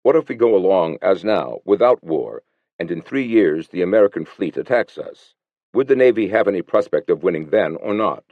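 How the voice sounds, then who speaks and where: A man's voice: deep voice, animated, moderate pace, no echo. A man voicing a middle-aged finance minister who presses his questions insistently. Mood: pressing. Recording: slightly muffled dry recording.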